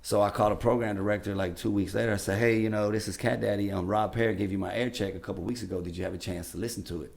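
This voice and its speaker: A radio DJ appears as a podcast guest, casually telling animated stories and acting out the people in them. His voice is on the low side and gravelly, racing along with hardly any pauses.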